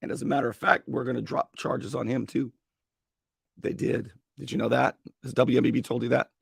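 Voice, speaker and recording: A male talk radio host with a strained, gravelly voice, giving an opinionated monologue and acting out mock dialogue. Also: a little fast, no room sound, studio quality. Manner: animated, acts out mock dialogue with sudden high-pitched bursts. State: strained voice after a long day.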